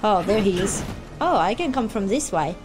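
A woman gaming YouTuber giving loud, excitable let's-play commentary, yelping, laughing and chatting with her viewers. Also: medium pitch, moderate pace. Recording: game music playing underneath.

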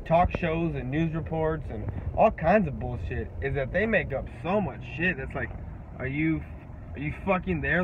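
A young man tears into a rival fan base in a heated, profane sports rant, his voice sitting a little high. The audio is dull and lo-fi, with a faint hum of noise behind him. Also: normal speed. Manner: profane, trash-talking, animated.

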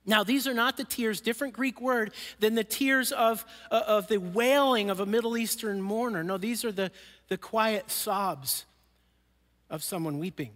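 A man preaching from the pulpit of a church, his voice sitting notably high for a man. He speaks earnestly and sinks into quiet, slowed lines when he wants a point to land. The sound rings out with a long hall reverb. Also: fairly even intonation. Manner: earnest, drops soft and slow for emphasis. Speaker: pastor. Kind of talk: sermon. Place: church sanctuary.

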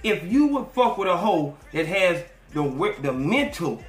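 Male podcast host, animated and profane, mocking tone, high voice, roomy echo. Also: unhurried, soft background music. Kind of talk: profane commentary rant.

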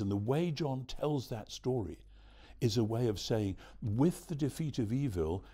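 A man being interviewed as a theologian, answering at length in a measured, explanatory way. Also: lowish voice, mellow. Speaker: theologian guest.

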